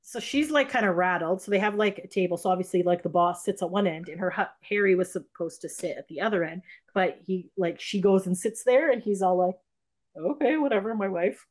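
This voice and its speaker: A woman's voice: on the low side, a little fast, hardly any pauses. A woman casually retelling a film's plot to friends, rambling and acting out the characters' lines. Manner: rambling retelling with quoted voices, lots of "like". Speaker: host recapping a film. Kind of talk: casual chat.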